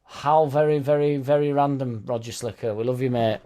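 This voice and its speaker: A man's voice: mid-range voice, steady tone, moderate pace, warm tone. A young man hosting a football fan live stream, chatting loosely and reading out viewers' comments with sweary, joking banter.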